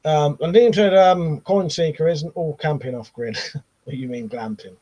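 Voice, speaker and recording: A British man hosting a casual live stream, reading out viewer comments and chatting with a laugh, often trailing off into quiet asides. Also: a little high, moderate pace, rough recording. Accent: British English. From Britain.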